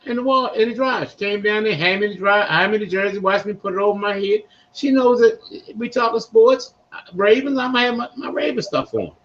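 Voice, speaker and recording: Older Baltimore man, high voice. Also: fairly quick. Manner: rambling, animated storytelling with slang. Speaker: podcast host. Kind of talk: casual sports talk. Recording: dull lo-fi recording.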